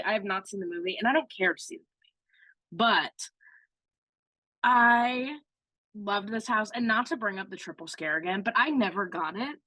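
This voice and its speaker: A woman co-hosting a podcast, gushing and excitable as she tells stories in casual chat. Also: mid-range voice, no echo. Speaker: podcast co-host.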